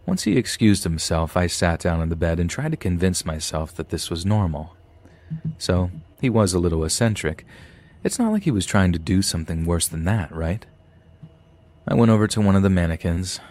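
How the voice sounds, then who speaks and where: A man's voice: deep voice, darkish tone. A man, a podcast host, reading a scary story aloud with some dry asides.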